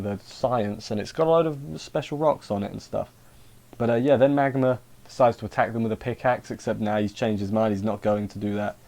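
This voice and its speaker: A man's voice: mid-range voice, a little mellow. A man casually recapping an anime episode, rambling and interrupting himself with wry asides. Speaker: anime reviewer.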